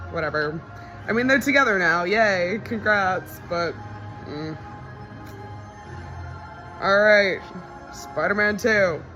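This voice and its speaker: A woman's voice: mid-range voice, sharp tone. A young woman in casual movie reaction commentary, chatty and wry, often incredulous and laughing.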